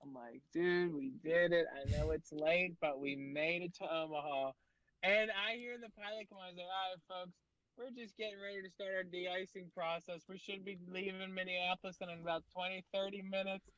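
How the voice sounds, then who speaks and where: A man's voice: sits high, steady tone, normal speed, sharp tone, no echo, dull audio. A man, a guest comedian, telling rambling stories in casual podcast chat, full of fillers and swearing.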